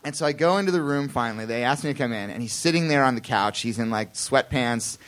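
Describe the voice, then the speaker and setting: A man on a theatre stage spins a rambling, self-deprecating story. He slips into quick impressions of the people in it, and his voice sits at an ordinary middle pitch. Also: a bit bright. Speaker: comedian guest telling a story. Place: theatre stage before a live audience.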